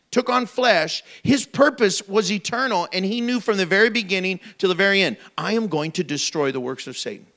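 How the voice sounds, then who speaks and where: A man pastor preaching a lively sermon, acting out voices and joking as he goes. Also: high voice. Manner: animated preaching, acts out voices for humor.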